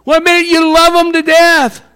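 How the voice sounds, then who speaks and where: A man preaching a sermon in an animated way, acting out the voices of fans and worshippers. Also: very high voice, moderate pace. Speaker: pastor.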